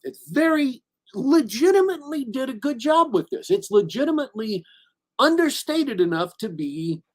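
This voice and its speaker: Speaking at an extremely high pitch, this male podcast co-host casually talks through a movie review. He wanders with frequent fillers and false starts, growing emphatic as he lays out his views.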